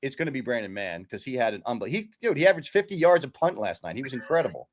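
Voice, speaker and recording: A man co-hosting a casual postgame sports chat, talking in a measured way with frequent ums as he picks his words. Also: mid-range voice, very animated. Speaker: sports podcast co-host.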